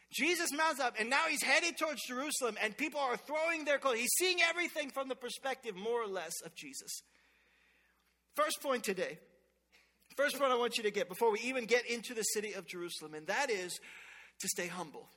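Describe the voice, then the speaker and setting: A pastor with a very high, bright, forceful voice delivers a sermon, moving from lively family stories to scripture with playful call-outs to the congregation. He is a man in his thirties. His voice rings with the long reverb of a large church sanctuary.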